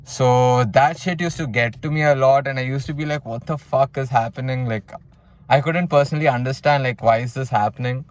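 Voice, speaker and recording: A man's voice: medium pitch, fairly quick. A young man from South India casually telling a personal story in a blunt way, full of swearing and "you know". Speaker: vlogger telling his story.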